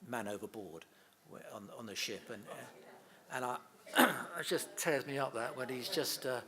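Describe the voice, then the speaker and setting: A middle-aged man, the son of a comedian, chats casually as an interview guest, telling family anecdotes and laughing easily. His voice is medium-pitched and a little slow, with crowd noise behind him.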